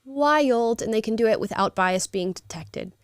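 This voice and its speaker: A woman's voice: on the high side, expressive, normal speed, no room sound, studio quality. A woman hosting a casual livestream, reading viewer comments aloud with sarcastic asides and frequent laughter. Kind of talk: casual live chat.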